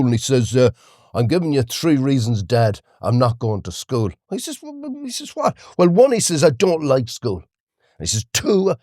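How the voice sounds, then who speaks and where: Lively Irish man telling a story. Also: medium pitch, dry recording, studio quality. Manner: animated storyteller, acts out quotes with laughs. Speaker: podcast co-host. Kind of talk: casual chat, storytelling.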